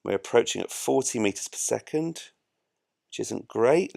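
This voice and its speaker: A man's voice: mid-range voice, expressive, moderate pace, vocal fry, darkish tone, no room sound, clean studio sound. A man giving chatty, self-mocking live commentary while he plays a space game. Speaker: gameplay streamer.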